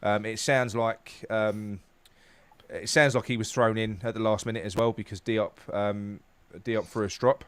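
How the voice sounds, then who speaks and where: A man's voice: on the low side, fairly even intonation, unhurried, clear, resonant tone, no echo. A man hosting a casual football chat, stumbling over repeated words as he leads the discussion. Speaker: podcast host.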